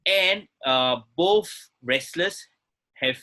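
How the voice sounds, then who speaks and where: A man's voice: a little high, lively intonation, extremely slow, pushed and bright. A man co-hosting a podcast, frank and rambling with lots of fillers. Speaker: podcast co-host. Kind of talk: casual podcast discussion.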